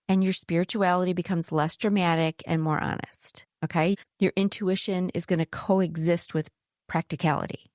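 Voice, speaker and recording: A woman's voice: fairly low pitch, darkish tone, dry recording, studio quality. A middle-aged woman hosting a solo podcast, talking candidly and conversationally about spiritual growth, with a casual swear here and there. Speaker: podcast host.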